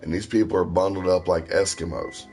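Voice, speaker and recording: A man's voice: sits low, fairly even intonation, brisk, darkish tone, faint music behind. A man from Ohio telling rambling personal stories in a casual, profane way. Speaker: stream host. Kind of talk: casual storytelling.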